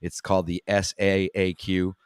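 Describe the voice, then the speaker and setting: A man's voice: sits low, monotone, moderate pace, clear, resonant tone, no room sound, clean studio sound. A man with a Quebec Canadian accent in casual chat, laughing often and stumbling over his words.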